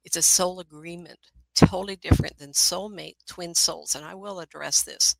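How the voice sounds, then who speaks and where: A middle-aged woman, a psychic, telling personal stories in an animated way, with frequent laughter and asides. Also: on the low side, moderate pace, creaky, no room sound, rough recording. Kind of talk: storytelling talk.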